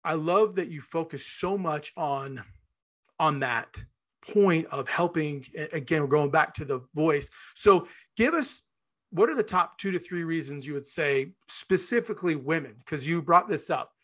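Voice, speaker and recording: A man's voice: fairly high pitch, expressive, unhurried, a bit bright. A man hosting an interview podcast who talks enthusiastically, rambles a little and acts out short scenes. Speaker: podcast host. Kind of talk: interview conversation.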